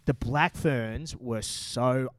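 A man's voice: mid-range voice, extremely slow, slight background noise. An Australian man hosting a casual rugby talk show with laid-back, blokey banter. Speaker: podcast host.

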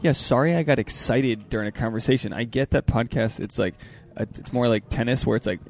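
Excitable man with a gravelly voice. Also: mid-range voice. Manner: fast, excitable, interrupts and restarts. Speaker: podcast host. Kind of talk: casual chat. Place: hotel balcony, outdoors.

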